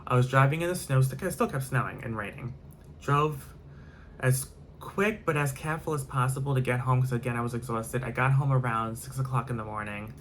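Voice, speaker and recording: A man's voice: medium pitch, brisk, a bit bright, a little hiss or hum. A man telling a storytime vlog in a rambling way, full of fillers and repetition, with casual swearing. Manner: rambling, filler-heavy, repeats himself, swears. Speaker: vlogger.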